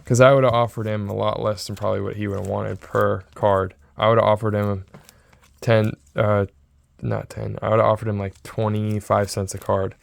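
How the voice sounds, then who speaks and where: A man in his early twenties talking in a casual, rambling vlog style, excitable and repeating himself. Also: fairly low pitch, moderate pace, vocal fry. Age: 20s. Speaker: sports card seller and vlogger.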